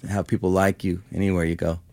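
This low-voiced man talks fast, with little movement in pitch and a creaky, slightly mellow quality. He's a musician from Los Angeles in his fifties, rambling through a casual interview full of "like" and "you know," and the recording is dry.

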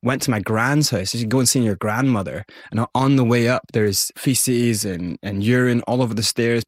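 A man with a Scottish accent, an interview guest candidly recounting his life in animated storytelling. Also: medium pitch, moderate pace, no room sound, clean studio sound. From Scotland. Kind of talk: personal storytelling.

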